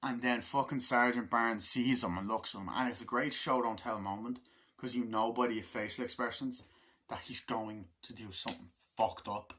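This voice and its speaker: A man's voice: mid-range voice, fairly even intonation, moderate pace, pushed and bright. Rambling, profane man reviewing a film. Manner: rambling, full of fillers and profanity, laughs often. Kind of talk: casual film review monologue.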